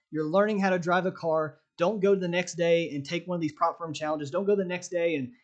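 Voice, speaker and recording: Guy with a slightly high voice coaching traders, direct and pushy in a chatty way, keeps tossing in "right?". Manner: direct, emphatic, conversational, frequent "right?" asides. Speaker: trading coach. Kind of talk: casual motivational talk to viewers.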